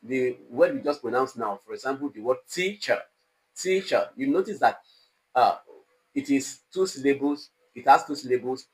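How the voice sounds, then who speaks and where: Man slowly teaching pronunciation. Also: poor audio. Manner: slow and deliberate, repeats example phrases with exaggerated pitch. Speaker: lecturer. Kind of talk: live online exam-prep lecture. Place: online class studio with a technician.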